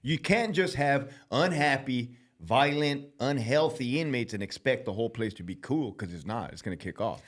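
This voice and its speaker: A man's voice: medium pitch, lively intonation, moderate pace, few pauses. A man hosting a casual podcast conversation, a former prison officer who talks bluntly and swears constantly. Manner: blunt and heavily profane.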